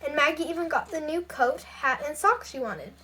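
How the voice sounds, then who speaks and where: A woman's voice: high-pitched, expressive, moderate pace, pushed and bright. A woman reading a children's picture book aloud in a careful storytelling voice. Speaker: storybook reader.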